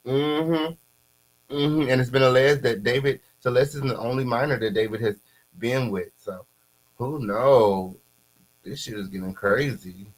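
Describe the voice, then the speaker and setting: Over a rough recording with a faint hum, a man hosts animated, casual commentary reacting to posts. He keeps repeating catchphrases, and his pitch shoots up whenever he gets excited.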